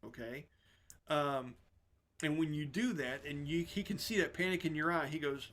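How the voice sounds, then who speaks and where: A game master leads his tabletop session with a bright, forceful voice pitched a little high. His narration is lively and descriptive, full of laughter, with faint music under it. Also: normal speed.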